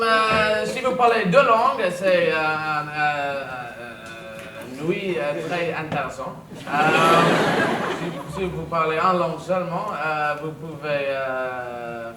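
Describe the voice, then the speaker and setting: A British man doing live stand-up, rambling and self-mocking as he stumbles through broken French. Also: a little high. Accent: British English. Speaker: stand-up comedian. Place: packed club with a live audience. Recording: roomy club from far off, loud crowd and noise.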